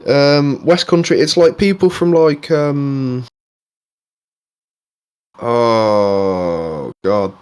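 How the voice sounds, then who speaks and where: A man's voice: mid-range voice, extremely slow, long pauses, a little mellow, clean tone. A young man from England co-hosting a podcast in casual chat, rambling and swearing freely with many restarts. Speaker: podcast co-host.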